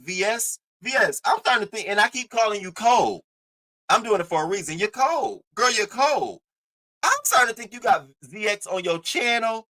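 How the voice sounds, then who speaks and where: Bright-voiced, animated male streamer. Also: sits high, poor audio. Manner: animated, profane, mocking. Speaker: commentary streamer. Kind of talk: casual commentary talking to a live chat.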